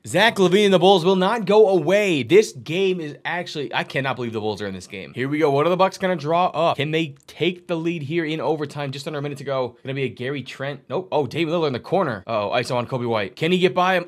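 A young man giving excitable play-by-play commentary over a basketball video game, rising to shouts on big plays. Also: fairly high pitch, fairly quick, hardly any pauses. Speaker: gaming YouTuber commentating a simulated league.

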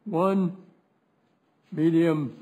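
Frail man in his 90s, chairing a hearing; husky, very slow, repeats lines for emphasis. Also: fairly high pitch, steady tone, warm tone. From West Virginia. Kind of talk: formal committee speech. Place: Senate hearing room.

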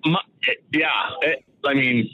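A man's voice: medium pitch, takes it slowly, a little hiss or hum. A man from Saskatchewan, a guest talking casually over the phone, rambling through stories with frequent laughs. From Canada, Saskatchewan. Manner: relaxed rambling storyteller, laughs often. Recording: phone-like narrow sound.

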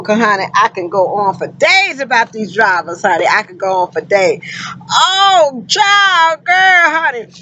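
A woman's voice: fairly high pitch, bright, forceful tone, highs cut off, a little hiss or hum. A woman, a trucking vlogger chatting casually to her viewers, full of endearments like honey and girl.

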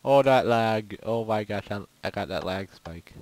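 A man giving casual, rambling gameplay commentary with goofy, excitable outbursts. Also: lowish voice, normal speed, low-quality recording. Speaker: gaming video creator.

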